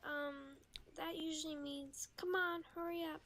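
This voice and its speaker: A woman playing a ditzy young woman who explains made-up slang in a slow, hesitant, airheaded way. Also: high voice, fairly even intonation, a crowd in the background. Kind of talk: comedy sketch video.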